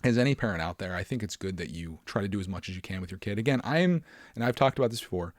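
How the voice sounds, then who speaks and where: Man, low-ish voice, casual solo podcast host, rambling, filler-heavy, dry close mic. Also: expressive, fast talker, no echo.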